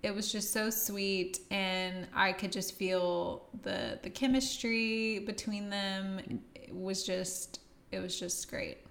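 A woman's voice: medium pitch, steady tone, slow, gravelly, fairly bright tone, echoey room. A woman co-hosting a casual movie review chat, laughing often and trailing off mid-sentence. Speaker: podcast co-host.

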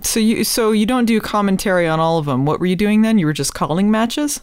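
A woman's voice: mid-range voice, brisk, darkish tone, clear, resonant tone, dry recording, studio quality. A woman guest in a casual podcast chat, curious and asking short follow-up questions.

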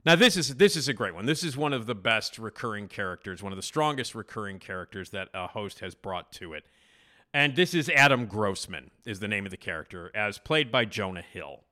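A man's voice: fairly low pitch, sharp tone. A man hosting a casual commentary show, enthusiastic and rambling with fillers. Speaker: host.

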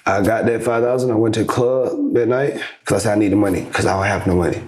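A young man telling a story casually as a podcast guest, lively, acting out the back-and-forth he describes. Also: lowish voice, quick pace, reverberant. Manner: animated storyteller acting out quoted exchanges. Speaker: podcast guest, basketball influencer.

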